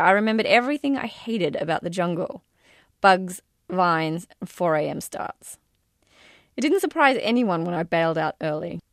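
A woman's voice: mid-range voice, gravelly, no echo, studio quality. Wry woman reading her memoir. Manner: wry, self-deprecating. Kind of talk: audiobook-style memoir reading.

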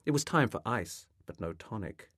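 Male author reading his own fiction: low voice, lively pitch, dry close-miked sound. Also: moderate pace, husky, dry recording. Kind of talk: reading a literary novel aloud.

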